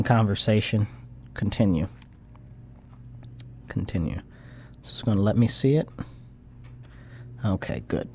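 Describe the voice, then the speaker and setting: A man's voice: on the low side, a little mellow, a little hiss or hum. Frustrated American man ranting on a livestream. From United States. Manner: frustrated, rambling, swings into heated outbursts. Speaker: livestream host. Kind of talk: casual political livestream rant.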